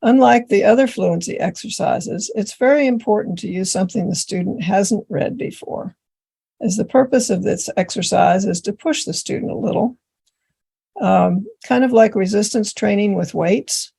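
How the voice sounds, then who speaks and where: Husky, gravelly woman explaining tutoring steps. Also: mid-range voice, normal speed. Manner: steady step-by-step explaining. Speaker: tutor trainer. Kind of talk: instructional presentation.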